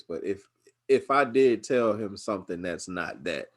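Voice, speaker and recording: A man's voice: fairly low pitch, unhurried. A young man from Georgia, hosting a podcast, who tells stories casually and acts out other people's voices. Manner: animated storytelling, acts out his mom's voice. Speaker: podcast host. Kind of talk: casual chat.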